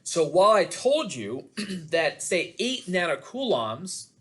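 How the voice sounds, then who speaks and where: A man's voice: high-pitched, very animated, takes it slowly, fairly bright tone. Chatty man giving an online physics lecture. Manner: chatty, jokey asides to students. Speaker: physics instructor.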